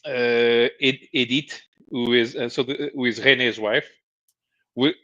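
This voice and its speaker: Bright-voiced man, halting casual chat. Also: mid-range voice, steady tone. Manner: halting, many restarts and chuckles while explaining. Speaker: podcast co-host. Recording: dull lo-fi stream audio.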